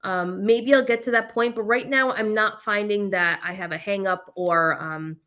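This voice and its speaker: A woman hosts a casual reseller livestream, reading viewer comments, chatting, laughing often and saying "um" a lot. Her mid-range, fairly bright voice moves at a moderate pace, though she's coughing and her eyes are watering.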